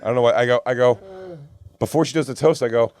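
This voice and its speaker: A man co-hosts a comedy podcast, casually telling friends a rambling story full of profanity and impersonating what others said. His voice is medium-pitched and darkish, and he talks at a quick pace.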